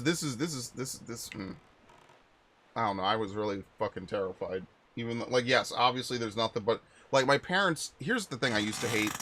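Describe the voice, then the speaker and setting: A young man live-streaming a game, talking in a loose, rambling way and swearing freely as he tells stories to his chat. His pitch sits in the middle of the male range, and he jumps into sharp, loud outbursts. Faint music plays behind him. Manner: rambling, profane, animated storytelling with sudden loud outbursts. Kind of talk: casual live-stream chat while playing.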